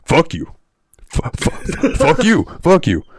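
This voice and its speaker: A man imitating an enraged neighbor man who yells curses nonstop. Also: fairly high pitch, huge pitch swings, takes it slowly, breathy edge, no echo, studio quality, voice pushed up, heavily acted. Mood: yelling angrily. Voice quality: raised, cursing yell. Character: furious shouting neighbor man, cursing nonstop.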